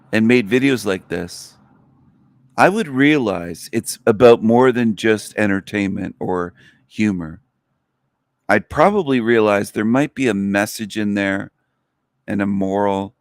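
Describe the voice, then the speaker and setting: A man hosting a livestream delivers a contemptuous, mocking rant as a monologue to his viewers. His voice is fairly low in pitch, with studio-quality sound and no room sound.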